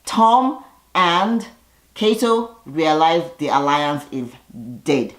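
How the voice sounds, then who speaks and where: A woman's voice: low voice, animated, slow. A woman giving a casual video recap in a sassy way, acting out the quotes in put-on voices. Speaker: YouTuber recapping a reality show. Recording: echoey room.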